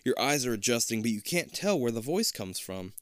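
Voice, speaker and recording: A man reading a storybook aloud in a casual, animated way, tossing in jokey asides. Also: medium pitch, a little fast, no room sound, studio quality. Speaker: reader.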